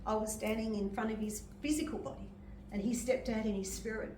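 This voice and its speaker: An older woman preaches gently from a distance, her voice bouncing around an echoey hall. She shares personal testimony with emotion and laughs often as she speaks. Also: fairly high pitch, fairly even intonation, brisk, slight background noise. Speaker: medium and reverend. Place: church hall.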